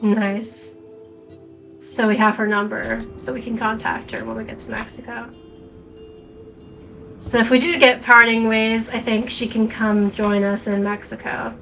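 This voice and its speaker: A woman's voice: fairly high pitch, flat delivery, normal speed, gravelly, a bit bright, soft background music, low-quality recording. A young woman streamer giving casual gameplay commentary, swearing bluntly as she reacts. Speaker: let's play streamer.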